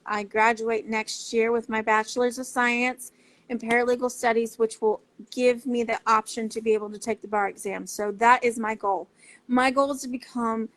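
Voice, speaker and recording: A woman speaking earnestly and passionately as a parent advocate in a casual talk to camera. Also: on the high side. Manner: earnest, impassioned, heartfelt.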